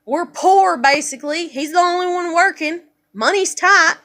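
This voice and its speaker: Young woman, high voice, ranting vlog, swearing, exasperated. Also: moderate pace, a bit bright. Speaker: vlogger. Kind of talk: venting personal vlog.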